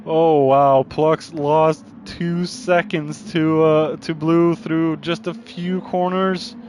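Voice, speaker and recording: A man giving live commentary on a sim racing league, calling overtakes and getting excited, even shouting warnings at drivers. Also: a little high, slow pace, slight background noise.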